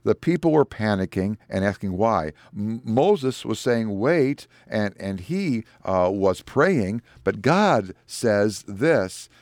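A middle-aged male pastor preaching a sermon, animated and climbing high in pitch whenever he quotes scripture. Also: slow, few pauses, dry recording, clean studio sound.

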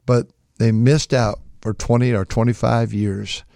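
An older man, a pastor, preaching a folksy sermon with frequent restarts, acting out quoted voices in a higher pitch. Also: steady tone, a little slow, vocal fry, warm tone, no room sound, clean studio sound.

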